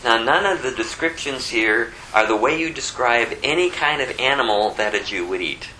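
A man's voice: medium pitch, expressive, normal speed, sharp tone, a little hiss or hum, rough recording. A man giving a casual Bible teaching, rambling with conversational asides. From Phoenix area. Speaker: preacher.

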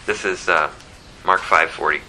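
A man teaching verse by verse from the Bible, lively and conversational, who chuckles at his own asides. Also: sits low, unhurried, slight background noise, low-quality recording.

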